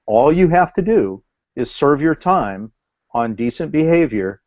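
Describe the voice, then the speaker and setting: A man, an educator in a casual video call discussion, laying out an extended argument in a measured, explanatory way. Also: a little high, big pitch swings, darkish tone, dry recording. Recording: dull dry video call audio.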